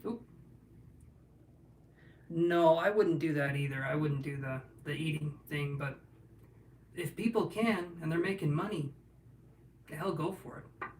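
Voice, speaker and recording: A man's voice: a little high, a little slow, pauses often, a little mellow, recorded from a distance. A man reading tarot cards on a casual livestream, chatting and joking as he answers viewers' questions. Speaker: tarot reader. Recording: roomy sound from off-mic, faint room noise.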